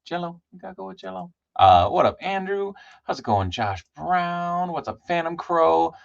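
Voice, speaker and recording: A man hosting a casual live stream, chatty and loose, shouting out viewers by name with lots of ums. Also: high voice, very animated, moderate pace, gravelly, no echo, dull audio. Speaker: livestream host.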